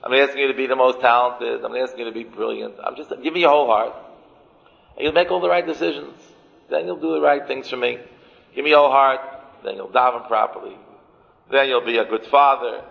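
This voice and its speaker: A man's voice: medium pitch, fairly even intonation, fast talker, gravelly. A man voicing God as a stern, disappointed employer who scolds a lazy worker in the first person. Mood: scolding. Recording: muffled, with long hall reverb.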